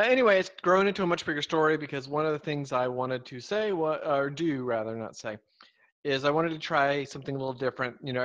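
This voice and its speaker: A man's voice: medium pitch, a bit bright, lo-fi sound. A man chatting casually on a live stream, rambling and correcting himself as he talks about his writing. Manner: rambling, self-correcting, easygoing.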